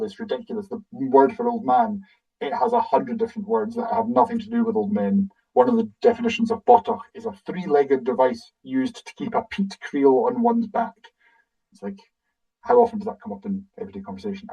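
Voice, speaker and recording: A man's voice: sits high, expressive, brisk, vocal fry, dark tone, distant mic, dull audio, soft background music. A man with a Scottish accent, a guide explaining things casually in a webinar and thinking aloud as he answers audience questions over a video call.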